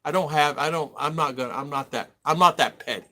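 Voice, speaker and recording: Middle-aged American man, livestream host; rambling chatter, somewhat high and very bright. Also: fast. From United States. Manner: rambling, reads viewer comments aloud. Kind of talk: casual live-stream chat.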